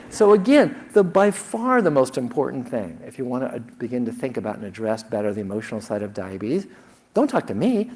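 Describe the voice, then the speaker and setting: A man's voice: medium pitch, big pitch swings, a little fast, a little mellow. Earnest man addressing a conference. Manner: earnest, encouraging. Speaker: conference speaker. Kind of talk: talk to an audience. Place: conference hall.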